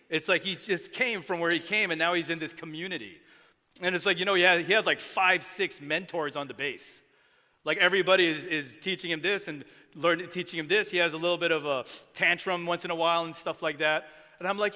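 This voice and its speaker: Brief: man, pastor, animated conversational sermon, high-pitched, echoing sanctuary. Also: fairly quick. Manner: animated, conversational, acts out quoted voices. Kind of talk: sermon storytelling. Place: church sanctuary.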